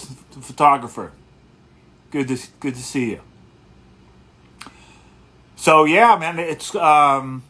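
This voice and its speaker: A man hosting a casual livestream as a guitarist, talking in a relaxed, rambling way and greeting viewers one by one. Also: a little high.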